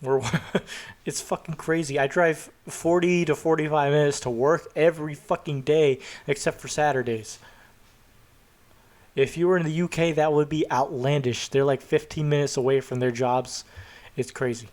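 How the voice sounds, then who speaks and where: A man's voice: fairly high pitch, steady tone, moderate pace, darkish tone. A young man co-hosting a podcast in casual, profane banter. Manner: swears freely, riffs on jokes. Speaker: podcast co-host. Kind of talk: casual chat.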